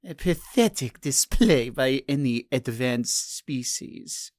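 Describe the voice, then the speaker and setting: A man's voice: medium pitch, expressive, slow pace, a little mellow, no echo, studio quality. A man voicing a servile alien subordinate with a thin, chirping voice. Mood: reporting.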